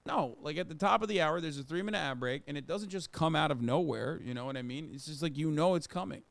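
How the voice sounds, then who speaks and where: Sarcastic streamer with a smooth voice. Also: male voice, on the high side, fast talker, few pauses, no room sound. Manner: sarcastic, profane, laughing asides. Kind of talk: casual reaction commentary.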